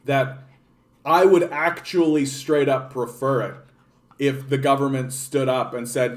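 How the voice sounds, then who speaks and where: A man's voice: mid-range voice, fairly even intonation, unhurried. A young Canadian man ranting in a political vlog, rambling and sarcastic, with frequent swearing and restarts. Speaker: political commentator.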